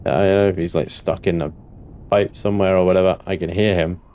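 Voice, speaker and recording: A man narrating his own gameplay, excitable and talking to himself, swearing now and then. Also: sits low, brisk, clear, resonant tone. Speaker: gameplay commentator. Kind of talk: let's play commentary.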